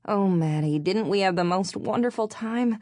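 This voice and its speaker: A woman's voice: medium pitch, moderate pace, a little mellow, no echo, studio quality, pitched above the performer's own voice, lightly acted. A woman voicing a wry, joking young woman who teases her best friend in an audiobook. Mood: wistful.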